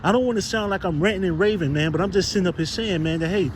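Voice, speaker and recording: A man's voice: high voice, fast. A man preaching informally to his brothers, rambling and cursing as he searches for the words of scripture. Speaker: street preacher. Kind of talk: informal exhortation. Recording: noisy outdoor street recording.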